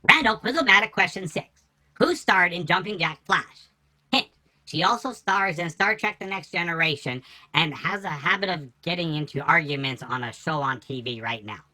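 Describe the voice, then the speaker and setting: A woman's voice: lowish voice, animated, normal speed, pushed and bright. A woman hosting a quiz segment in a casual, teasing way, with chatty asides to her co-host.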